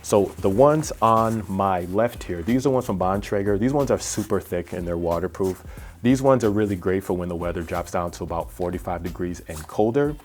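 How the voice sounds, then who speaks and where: Male cycling vlogger, low voice, casual gear review, chatty and self-deprecating. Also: normal speed, a little mellow, soft background music.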